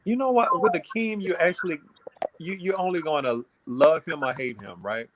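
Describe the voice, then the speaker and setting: A man in his thirties, a guest on a video call, answering questions in an easygoing, measured way. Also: a little high, very noisy. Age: 30s. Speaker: guest, reality-show cast member. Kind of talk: casual interview over a video call.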